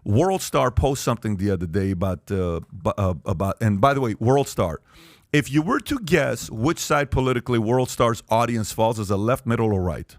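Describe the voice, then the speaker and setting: A man's voice: mid-range voice, animated, moderate pace, no echo, clean studio sound. A man hosting a podcast panel, talking emphatically and firing rhetorical questions at the group. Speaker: podcast host. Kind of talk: animated podcast talk.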